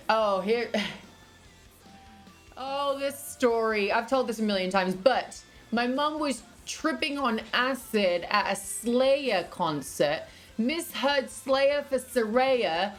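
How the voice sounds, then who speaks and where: English woman streamer chatting away, kinda high voice, faint music behind. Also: animated. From England. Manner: chatty, quick asides. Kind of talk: casual chat reading chat.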